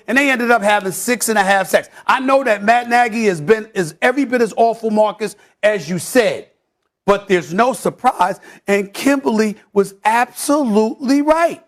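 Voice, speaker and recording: Loud theatrical man, very high voice. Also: moderate pace. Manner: loud, theatrical, mock-emotional, repeats words when worked up. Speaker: sports debate host. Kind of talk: heated sports debate.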